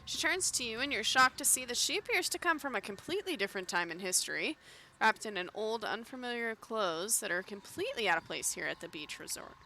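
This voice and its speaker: A woman's voice: fairly high pitch, sing-song, brisk, pushed and bright, a little hiss or hum. A woman streamer reading a dating game aloud with dramatic, playful expression and frequent laughter.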